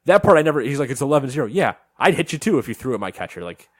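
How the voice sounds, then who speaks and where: A man co-hosting a casual podcast chat, telling a story in an animated way and acting out what people said. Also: medium pitch, quick pace, no room sound. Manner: animated storytelling, acts out quotes. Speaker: podcast co-host.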